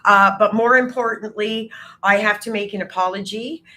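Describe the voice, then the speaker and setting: A woman vlogger speaks haltingly to her camera and pauses often on filler words. Her voice is bright and sharp. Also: mid-range voice, fairly even intonation, a little hiss or hum. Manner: halting, hesitant, many fillers. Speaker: video creator. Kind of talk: vlog monologue.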